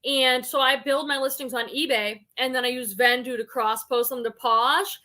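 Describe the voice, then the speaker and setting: A woman's voice: high-pitched, fairly even intonation, normal speed, pushed and bright. A woman hosting a casual live stream, reading viewer comments aloud and chatting about them. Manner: chatty, reads comments aloud then reacts.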